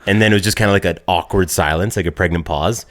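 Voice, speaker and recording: A man with a very low voice chats casually as a podcast co-host. He rants and swears as he tells stories, half laughing at his own grievances. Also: fast talker, fairly bright tone. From Canada. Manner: profane, ranting storyteller.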